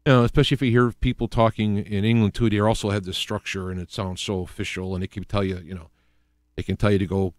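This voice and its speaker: A man's voice: lowish voice, level tone, fast, no echo. Rambling Midwestern man hosting a talk show. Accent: Midwestern American. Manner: rambling with many restarts and fillers. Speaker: radio show host. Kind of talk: casual solo talk show.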